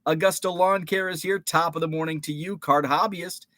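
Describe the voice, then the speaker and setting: A man's voice: on the high side, fairly even intonation, normal speed, fairly bright tone, dry recording, clean studio sound. A man hosting a casual live stream, chatting and greeting viewers by name with rambling asides. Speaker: podcast host.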